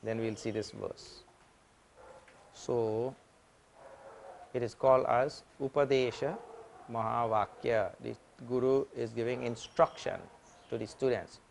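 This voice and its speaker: A male swami teaches in a patient, repetitive way, building simple analogies step by step. He speaks at a mid pitch and swells louder whenever he stresses a key phrase. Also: fairly even intonation, measured pace, gravelly, long pauses, slight background noise. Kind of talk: spiritual lecture.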